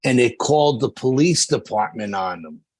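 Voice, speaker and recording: A man guest on a podcast, telling a paranormal investigation story in a casual, lively way with slangy fillers. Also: mid-range voice, moderate pace, husky, no echo.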